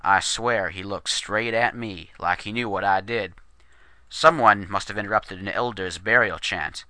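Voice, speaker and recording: Bright-voiced male story narrator. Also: on the low side, measured pace, smooth, no room sound. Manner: steady, descriptive storytelling. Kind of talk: scripted narration of a western horror story.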